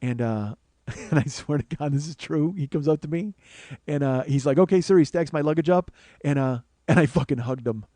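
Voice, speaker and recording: Comic male storyteller, fairly high voice, profane and self-mocking, dry close mic. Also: normal speed, mellow, no echo. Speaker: comedy podcast host.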